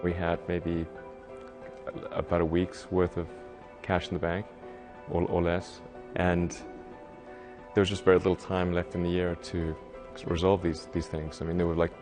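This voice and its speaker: A man answering interview questions in a halting way, with many restarts. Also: low-pitched, monotone, music in the background. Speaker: interviewee, entrepreneur.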